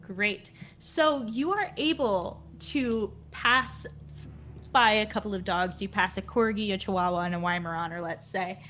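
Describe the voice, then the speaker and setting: A woman's voice: mid-range voice, unhurried, a bit bright, a little hiss or hum. Woman narrating as game master. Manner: descriptive storytelling.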